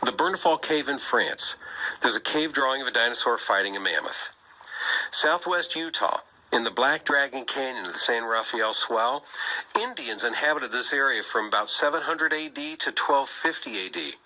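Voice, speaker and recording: Bright-voiced man arguing on talk radio. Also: mid-range voice, normal speed, low-quality recording. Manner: energetic, persuasive, asks rhetorical questions. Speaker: radio talk show host. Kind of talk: Christian apologetics talk.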